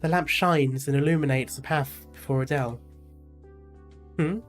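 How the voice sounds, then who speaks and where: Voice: medium pitch, steady tone, moderate pace, soft background music. A gaming streamer reading a game's story aloud, with casual, chatty asides.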